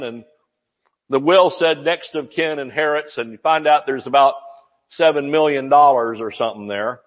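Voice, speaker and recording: A man preaching a sermon in a church, excitable and exclamatory, asking the congregation rhetorical questions. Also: fairly high pitch. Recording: muffled sound in a reverberant hall.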